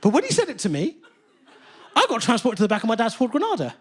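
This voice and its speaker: A comedian from England works a theatre crowd with a high-pitched, highly animated voice. He swings from hushed storytelling to loud indignant rants, and his pitch leaps all over the place. He sounds like a man in his thirties. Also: fast talker, husky. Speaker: stand-up comedian. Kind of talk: stand-up comedy set. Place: large theatre stage. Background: audience laughter.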